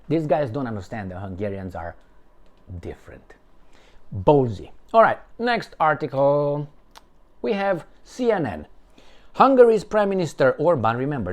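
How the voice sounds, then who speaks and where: Animated, sarcastic male commentator. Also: medium pitch. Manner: animated and sarcastic, with emphatic swings and mocking asides. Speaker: political commentator. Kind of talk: solo commentary, reading and reacting to news articles.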